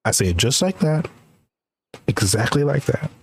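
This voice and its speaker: A young man streaming, telling a rambling, animated story in casual chat and laughing often. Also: mid-range voice, normal speed, breathy edge. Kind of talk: casual chat while gaming.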